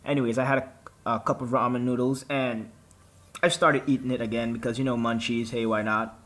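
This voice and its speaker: A man's voice: mid-range voice, brisk. A young man hosting a vlog, telling a story casually, with lots of swearing and acted-out quotes. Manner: animated, profane storytelling with quoted dialogue. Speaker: gaming channel host.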